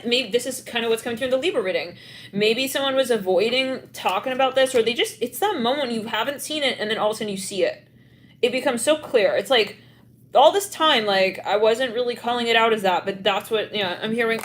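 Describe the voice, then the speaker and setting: A woman's voice: a little high, fast talker, a bit bright. Young woman, tarot reader, live stream, chatty and rambling, giggly, acts out scenes, faint background noise. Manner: heavy filler "like", rambling.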